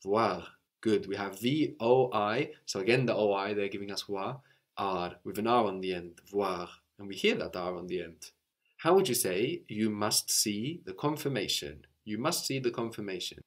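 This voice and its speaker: A man's voice: on the low side, moderate pace. A man teaching a language lesson, explaining step by step in a patient way and often checking in with a questioning "no?".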